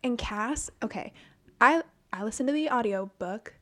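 Woman podcast co-host, lively, blunt and profane, slightly high voice. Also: normal speed. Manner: animated, swears a lot, acts out quotes. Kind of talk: casual book chat.

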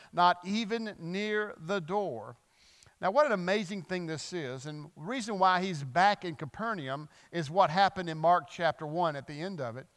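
Preacher in an echoey church hall. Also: male voice, a little high. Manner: animated, acts out quoted voices. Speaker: pastor. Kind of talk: sermon.

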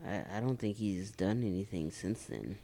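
A man's voice: on the low side, moderate pace, warm tone. A man who is a regular guest on a podcast, making brief matter-of-fact remarks in casual chat.

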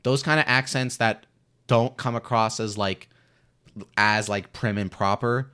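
A man's voice: on the low side, steady tone, unhurried, bright, forceful tone, clean tone. A man co-hosting a podcast, rambling in casual chat and leaning heavily on "like" as he gropes for words. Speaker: podcast co-host.

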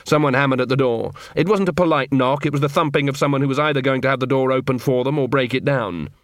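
A man narrating an audiobook in an expressive, lively reading voice. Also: mid-range voice, fast talker, no room sound, clean studio sound. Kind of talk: scripted narration.

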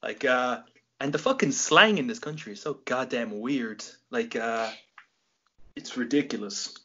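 A man's voice: mid-range voice, expressive, a little slow, sharp tone, highs cut off. A young man with an Irish accent hosting a casual interview, rambling and joking, with a lot of swearing. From Ireland. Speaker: podcast host.

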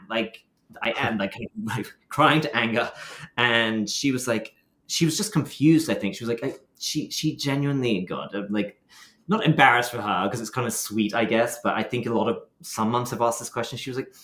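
Young scottish guy telling a story, kinda low voice, jokey, echoey room. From Scotland. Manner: expressive, self-mocking, lively quoted asides. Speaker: guest. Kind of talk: casual storytelling.

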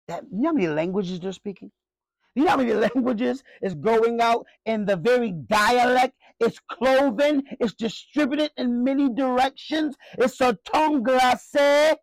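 A man pastor preaching a sermon, emphatic, with frequent questions to the congregation and sharp swings between loud high bursts and low quiet asides. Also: gravelly, no room sound.

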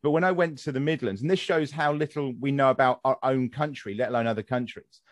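Young English male podcast host, chatty and rambling, mid pitch, dry close sound. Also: fast, no echo. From England. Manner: rambling, with many fillers and restarts. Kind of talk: casual conversational chat.

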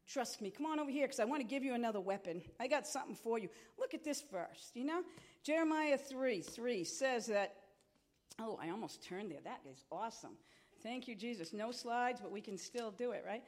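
A woman's voice: fairly high pitch, animated, normal speed. A middle-aged woman pastor preaching a sermon in an impassioned, conversational way.

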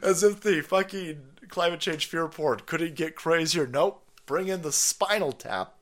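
A man hosting a livestream, ranting loudly with sarcasm, constant cursing and frequent laughter. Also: fairly high pitch, a little slow. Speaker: livestream host. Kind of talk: profane ranting commentary.

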